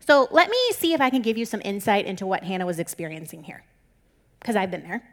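A woman's voice: medium pitch, very animated, fast. A young woman giving a casual Bible talk to a group, chatty and joking and laughing often.

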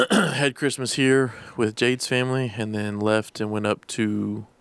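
A young man co-hosting a podcast in casual chat, easygoing and quick to react. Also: medium pitch, vocal fry, fairly bright tone, smooth, no echo. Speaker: podcast co-host.

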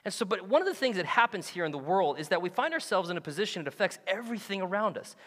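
A male pastor preaching a sermon, animated and joking, who often acts out the voices of the people he quotes. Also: high voice, fast, long reverb tail. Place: church sanctuary.

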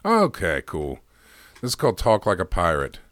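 Low-voiced man reading a word game aloud. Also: huge pitch swings, normal speed, fairly bright tone, dry recording. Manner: laughs at his own readings. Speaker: podcast co-host.

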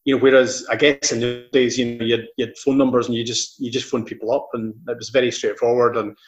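A man's voice: mid-range voice, level tone, fast talker. A middle-aged Scottish man, a football commentator, telling anecdotes in a rambling interview, with many restarts. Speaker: football commentator and presenter, guest. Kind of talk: casual interview chat.

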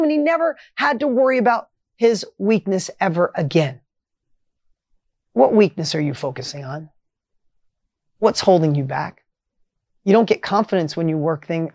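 The host of a motivational podcast shares a story about coaching, and his emphatic delivery rises to loud highs before dropping into soft asides. It's recorded without room reverb.

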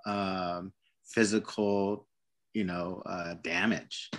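A man's voice: low-pitched, steady tone, very slow, fairly bright tone. A man talking about dog training in a casual conversation, hesitant, with many restarts and repeated words.

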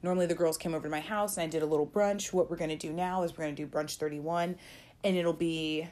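A woman's voice: low-pitched, steady tone, fast, a little mellow. A young adult woman hosting a casual faith podcast, talking in a chatty, encouraging way with lots of fillers and some playful scolding. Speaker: podcast host.

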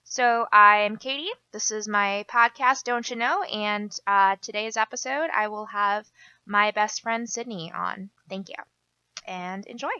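A woman's voice: medium pitch, unhurried, pushed and bright, clean tone, no room sound, dull audio. A young woman with a Minnesotan accent, hosting a casual podcast in a rambling, self-deprecating way that drifts off on side tracks. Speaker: podcast host.

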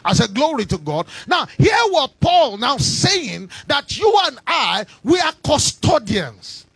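A man preaching a sermon, shouting in a sing-song cadence and calling on the congregation to respond. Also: very high voice, sing-song, slow pace, dry recording.

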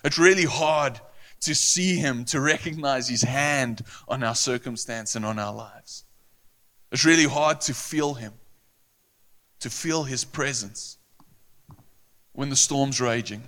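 A male pastor delivering a sermon with a bright, forceful voice. He speaks earnestly and emphatically, and he often repeats phrases for weight. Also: medium pitch, slow pace, pauses often.

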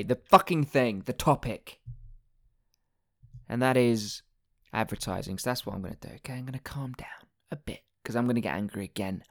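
A man hosting his own podcast, ranting angrily and swearing, repeating himself as he goes. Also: medium pitch. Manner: angry, sweary, repetitive ranting. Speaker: podcast host. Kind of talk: ranting monologue.

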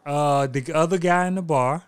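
Smooth-voiced male podcast host. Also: fairly high pitch, normal speed, no room sound. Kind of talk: casual chat.

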